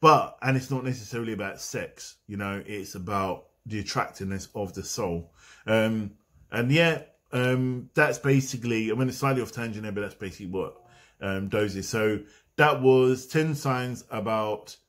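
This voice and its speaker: A man's voice: fairly low pitch, normal speed, fairly bright tone. A man giving a casual, meandering spiritual talk to camera. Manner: meandering, conversational, drifting off on tangents. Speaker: spiritual vlogger.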